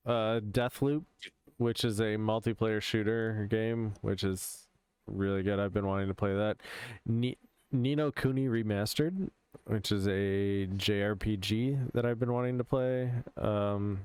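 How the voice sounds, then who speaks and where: Slow, crisp-voiced man explaining patiently. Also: on the low side, fairly even intonation, darkish tone, no echo. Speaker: podcast co-host. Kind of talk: casual chat.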